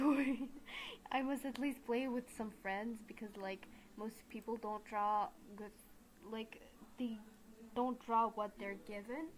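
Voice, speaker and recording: A young woman chatting through a live game stream, rambling and self-mocking with plenty of fillers. Her voice sits fairly high. A faint noise runs underneath.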